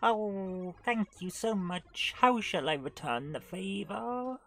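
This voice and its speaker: A woman voicing an old witch in a video game, with a deliberately poor put-on Welsh accent and slow, drawn-out, theatrical delivery. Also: mid-range voice, lively intonation, a bit bright, faint music behind, pitched above the performer's own voice. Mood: grateful. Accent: put-on, poor Welsh imitation. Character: old female witch with a mangled Welsh lilt.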